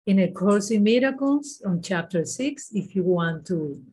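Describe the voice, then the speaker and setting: Woman, slow and breathy, grateful spiritual sharing. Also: medium pitch, lively intonation, poor audio. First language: Spanish. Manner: slow, warm thanks, soft laughs. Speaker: group member responding.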